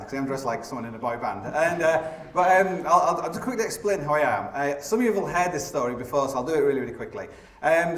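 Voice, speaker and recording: A middle-aged man giving a comic live stage talk, rambling and self-mocking, full of fillers and restarts. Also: on the high side. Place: large theatre stage before a laughing audience. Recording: echoey live theatre sound from a distance.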